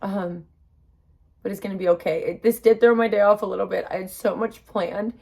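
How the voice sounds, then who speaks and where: A woman's voice: mid-range voice, steady tone, a little fast, creaky, dark tone, husky. Young woman vlogger, mouth numb from the dentist, talks chatty and upbeat, reassuring herself. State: numb-mouthed after dental work, emotional. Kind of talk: casual vlog to camera.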